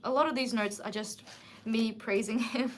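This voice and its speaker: A woman in her twenties hosting a casual livestream book chat, animated and emphatic. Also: fairly high pitch, moderate pace, noisy background. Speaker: livestream host.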